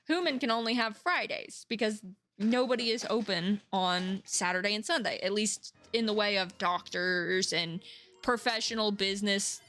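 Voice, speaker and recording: A woman in her thirties talks casually to her stream chat, rambling and emphatic and swearing freely. Her voice sits fairly high. Faint game music plays behind her. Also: sharp tone.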